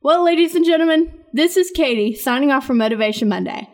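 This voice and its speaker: A woman's voice: high-pitched, expressive, quick pace, hardly any pauses, soft background music. A woman hosting a podcast, talking casually in an earnest, rambling and encouraging way. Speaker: podcast host.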